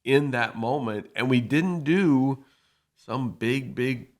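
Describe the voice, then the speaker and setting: A man's voice: mid-range voice, slow. A man co-hosting a podcast, explaining earnestly in a casual talk and acting out little dialogues in quoted voices. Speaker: podcast co-host.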